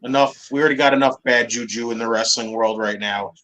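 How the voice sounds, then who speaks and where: A man's voice: medium pitch, fairly even intonation, fast, pushed and bright, poor audio. A man ranting emphatically on a casual podcast, swearing often. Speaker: podcast guest.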